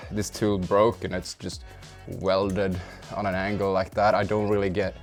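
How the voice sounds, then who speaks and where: A Swedish man, a car-project vlogger whose first language is Swedish, mutters to himself while working on his car, swearing and grunting with effort. His voice sits low, his delivery is flat and a little slow, and soft music plays in the background.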